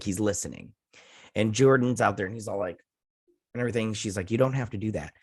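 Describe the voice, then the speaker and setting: A man's voice: on the low side, breathy edge, no echo, studio quality. A man hosting a review show, giving a loose, rambling recap of an episode with many fillers and casual swearing.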